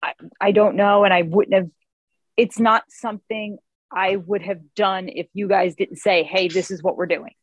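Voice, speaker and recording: A woman author as a podcast guest, telling family stories in an animated way and acting out what people said. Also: mid-range voice, moderate pace, dry recording. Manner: animated storyteller who acts out quotes. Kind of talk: casual interview chat.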